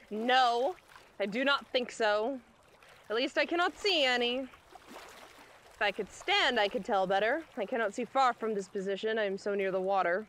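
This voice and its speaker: A woman's voice: fairly high pitch, a bit bright, slight background noise, close to an everyday voice. A woman acting a weak, parched shipwrecked woman, speaking wearily and mournfully in an outdoor stage performance. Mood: weary. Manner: weary, slow, mournful. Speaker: actor playing the businesswoman. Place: outdoor marina platform.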